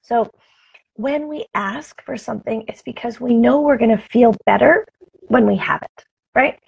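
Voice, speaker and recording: This motivational vlogger's gravelly, breathy, fairly high voice comes at a moderate pace through a camera mic with the highs cut off. Speaking straight to camera in a casual live morning chat, she's upbeat and chatty, naming viewers as she greets them.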